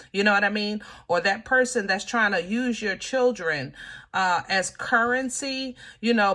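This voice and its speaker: Speaking in a bright, forceful, mid-range voice, this woman does an informal tarot reading straight to camera. She sounds emotional and frustrated, drawling and constantly restarting amid a stream of fillers.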